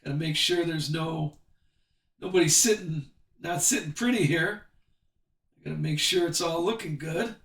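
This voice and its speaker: A man's voice: on the high side, a bit bright, reverberant, distant mic. A man hosting a live sports card break, chatting with viewers and reading off the cards as he opens packs. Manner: chatty, reads card names off quickly.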